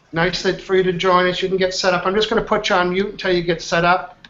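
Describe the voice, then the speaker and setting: A man leading a live online training, energetic, quizzing his group with questions. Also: high voice, quick pace, hardly any pauses, a little hiss or hum. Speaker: trainer, workshop host. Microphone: online video call. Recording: dull lo-fi call audio.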